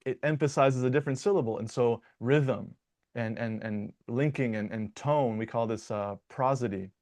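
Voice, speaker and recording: A man's voice: medium pitch, normal speed, a little mellow. Man explaining like a dialect coach. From Michigan. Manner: explanatory, with frequent repetitions and restarts. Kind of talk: conversational interview answers.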